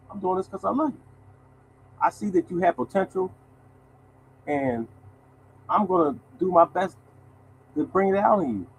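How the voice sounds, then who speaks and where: A man in his sixties hosts a lottery show, talking to his audience bluntly and animatedly, swearing and calling them "y'all" in a casual monologue. His voice is high, and the rough recording carries slight background noise.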